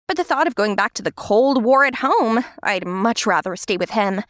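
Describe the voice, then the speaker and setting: A young woman narrating an animated story in the first person, with a lively, expressive delivery. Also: sits high, brisk, few pauses, no room sound, clean studio sound.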